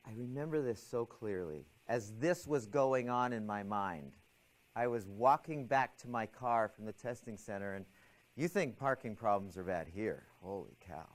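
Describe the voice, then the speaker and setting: A man lectures a class, recounting a personal story in which he acts out both his anxious thoughts and a calm inner voice. His voice is mid-range, and the recording quality is low.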